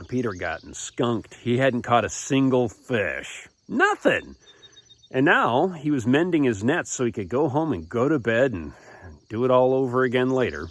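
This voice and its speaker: A man telling a Bible story to children, expressive and animated. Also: mid-range voice, dry recording.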